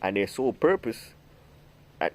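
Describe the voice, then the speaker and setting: A man's voice: on the low side, big pitch swings, moderate pace. Rambling man preaching scripture. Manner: rambling, many fillers and restarts, says "man". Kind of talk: informal scripture teaching.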